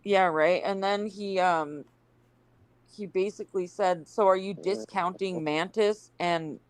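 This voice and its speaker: A woman's voice: on the low side, measured pace, no room sound, low-quality recording. Chatty woman on a dry voice call. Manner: chatty, animated when retelling, hedging with "I don't know". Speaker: panel guest. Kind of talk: casual chat.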